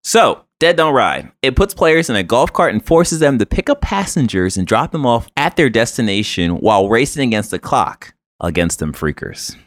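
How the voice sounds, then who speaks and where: A man's voice: medium pitch, sing-song, normal speed, few pauses, no room sound, studio quality. A man co-hosting a casual gaming news podcast, reading headlines and then joking about them in a laid-back way. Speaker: podcast co-host.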